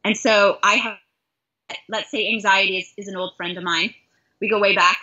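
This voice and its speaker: A woman's voice: medium pitch, steady tone, normal speed, pushed and bright. A middle-aged woman from Canada, a life coach, speaking in an earnest, heartfelt and self-reflective way in an interview conversation. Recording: dull lo-fi recording.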